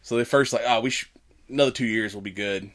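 A man's voice: lowish voice, quick pace, fairly bright tone. A man co-hosting a podcast, casually recapping a movie in a rambling way, laughing often and acting out the characters' lines. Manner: rambling, laughing, swearing, acts out quotes. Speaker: podcast co-host.

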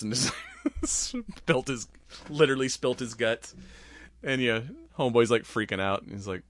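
A man's voice: fairly low pitch, moderate pace, dry recording, studio quality. A man casually recapping a film plot in a rambling way, laughing often and swearing freely. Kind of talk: casual movie recap chat.

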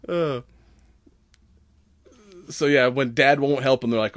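A man's voice: mid-range voice, extremely slow, pauses often, no room sound. A man in casual podcast chat who laughs often and swears while retelling movie scenes with animation. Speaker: podcast co-host.

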